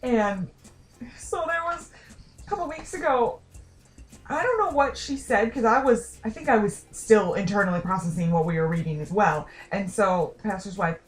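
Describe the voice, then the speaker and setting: A young adult woman chatting casually to camera, rambling and self-deprecating with quick asides. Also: medium pitch, expressive, faint music behind. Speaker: vlogger. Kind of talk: casual talking-to-camera chat.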